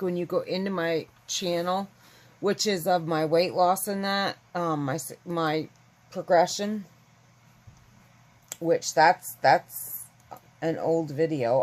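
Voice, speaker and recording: A woman's voice: on the low side, low-quality recording. A woman chatting casually to her viewers, rambling and candid. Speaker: vlogger. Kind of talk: casual chat to camera.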